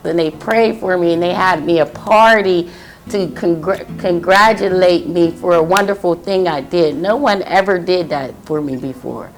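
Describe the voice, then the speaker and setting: A middle-aged woman giving an emotional personal testimony, halting and pausing often. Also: fairly low pitch, faint music behind. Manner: emotional, halting, with many pauses. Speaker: testimony speaker.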